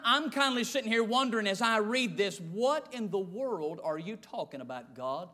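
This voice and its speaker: High, bright-voiced Southern preacher man. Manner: folksy, emphatic preaching with repetition. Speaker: pastor. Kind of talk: sermon.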